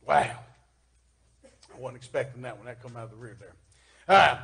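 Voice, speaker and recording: A man with a Southern US accent preaching a sermon in church, folksy, reading scripture and swinging between loud emphasis and quiet asides. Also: medium pitch, moderate pace, vocal fry, pauses often. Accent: Kentucky Southern US.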